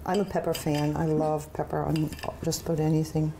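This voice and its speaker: A woman's voice: low voice, level tone, brisk, vocal fry, background noise. A woman hosting a TV cooking show, chatting enthusiastically about the food and coaxing her guest to taste it. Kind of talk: casual chat on a TV cooking show.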